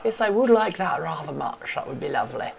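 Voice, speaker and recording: A woman voicing a very posh, gracious lady with plummy, drawn-out vowels, in a low, gravelly voice. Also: animated, a little hiss or hum, heavily acted.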